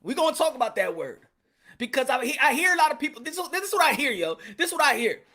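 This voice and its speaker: A man running his own boxing commentary channel, with a high, bright and forceful voice. He talks in a loose, slangy, animated way, stacking up repeats and jokes as he rants to his viewers. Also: fast. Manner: animated, slangy, repetitive, joking. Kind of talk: casual commentary vlog.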